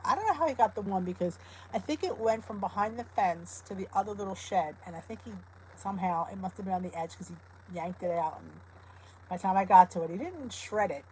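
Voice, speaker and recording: A woman's voice: mid-range voice, brisk, a little mellow, a little hiss or hum, low-quality recording. A middle-aged woman hosting a casual live stream chat from home, greeting her viewers by name in a chatty, cooing way. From New Jersey. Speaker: host of a live weight loss chat.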